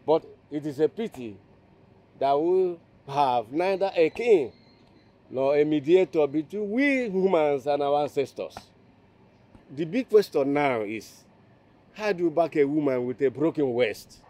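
An actor playing a village elder giving a formal speech to the council. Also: male voice, fairly high pitch, expressive, a little slow, dark tone. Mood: solemn.

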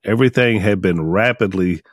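Guy hosting a podcast, low easy voice, dry close mic. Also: normal speed, no room sound. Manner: easygoing, steering the conversation. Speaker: podcast host. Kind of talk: casual chat.

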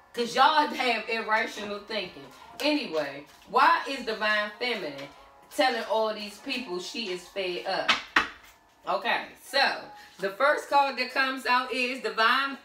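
Woman tarot reader, sassy and blunt, high bright voice, roomy echo with faint music. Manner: sassy, blunt, talks back to the cards. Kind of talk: casual tarot reading monologue.

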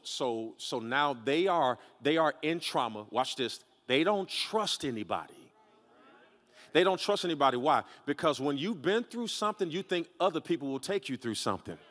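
A male pastor preaching a sermon in a large church, dramatic, sliding from low quiet talk up to shouting. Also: in a large hall. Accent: Southern US.

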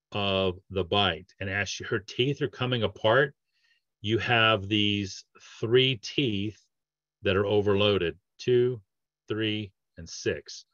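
A man's voice: on the low side, fairly bright tone, no echo, highs cut off. A man, a dentist, talking through patient cases in a casual training presentation, with lots of fillers and restarts. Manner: conversational, with many fillers and restarts. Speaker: dentist giving a training webinar.

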